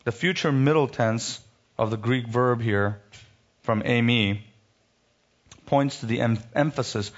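A man preaching a sermon, reading scripture and rising sharply in pitch when he rebukes, then dropping low for emphasis. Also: a little slow, pauses often, highs cut off.

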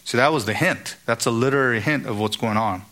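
A man's voice: medium pitch, fast talker, a bit bright. A man giving an expository Bible teaching, asking rhetorical questions and acting out the lines of the characters he quotes.

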